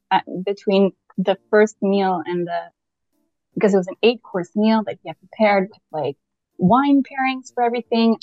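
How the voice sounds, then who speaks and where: A woman's voice: medium pitch, no echo. Woman from canada, chatty storyteller, laughs a lot, muffled dry sound, faint music behind. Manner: animated, laughs often, acts out dialogue. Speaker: podcast guest. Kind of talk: casual anecdote telling.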